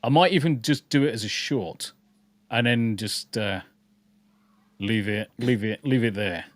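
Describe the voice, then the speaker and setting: A man's voice: on the low side, measured pace, no room sound. Sweary blunt man ranting. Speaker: podcast host. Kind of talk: casual podcast chat reading live chat.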